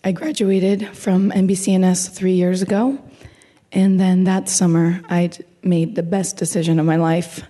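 A young woman missionary from Baltimore addresses a women's church gathering. Her voice is hoarse and husky, with a mellow, darker tone. She talks nervously and emotionally, close to tears and laughing between thoughts. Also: fairly low pitch, fairly even intonation, measured pace. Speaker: missionary guest speaker. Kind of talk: talk at a women's church seminar.

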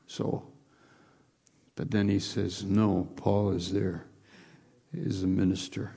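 A man's voice: fairly low pitch, steady tone, slow, creaky, long pauses, mellow, slightly rough. A man preaching a sermon, reading scripture aloud and talking through it with restarts.

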